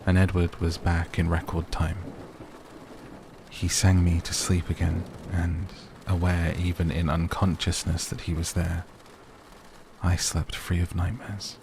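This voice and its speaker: A man narrating a bedtime sleep story in a slow, soft, even reading voice. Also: low-pitched, noisy background. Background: rain sounds.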